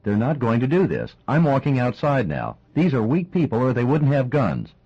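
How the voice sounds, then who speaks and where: A frightened, defiant young woman, voiced by a male narrator, her words tight with strain and pitched well above his own voice. The audiobook recording sounds dull and lo-fi. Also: huge pitch swings, normal speed, breathy edge, heavily acted. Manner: strained and insistent.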